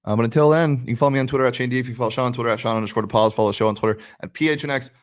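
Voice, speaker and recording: A man hosting a sports betting show, talking casually and fast with frequent fillers and restarts. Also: medium pitch.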